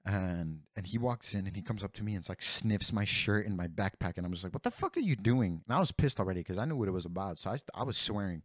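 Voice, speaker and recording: A young man with a low, deep voice tells a rambling, profane story to his friends. He talks casually and drops "bro" into almost every sentence. The recording is dry and close. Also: quick pace, few pauses, dry recording. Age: young adult.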